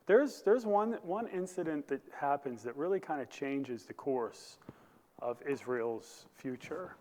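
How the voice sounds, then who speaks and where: A man's voice: a little high, animated, a little slow, warm tone. Man preaching in a reverberant church. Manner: preaching with rising bursts of emphasis and questions to the congregation. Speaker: pastor. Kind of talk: sermon. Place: church sanctuary.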